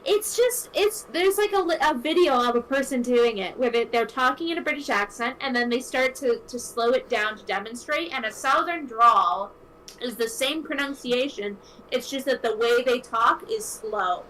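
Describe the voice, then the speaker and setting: A woman's voice: high voice, moderate pace, fairly bright tone, a little hiss or hum, poor audio. A woman from Canada, a guest chatting casually and explaining things eagerly. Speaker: guest on call. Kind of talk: casual chat.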